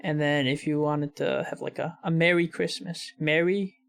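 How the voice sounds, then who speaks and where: American man, casual reaction host, gravelly vocal fry yet clean resonant tone, muses aloud. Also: fairly high pitch, steady tone, normal speed, a bit bright. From United States. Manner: thinks aloud, tries out words hesitantly.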